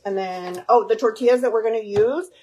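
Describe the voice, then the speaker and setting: A woman's voice: a little high, a little fast, warm tone, low-quality recording. Chatty woman hosting a cooking stream. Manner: chatty, talks to viewers, drops Spanish words. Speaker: cooking livestream host. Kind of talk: casual live cooking stream. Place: home kitchen.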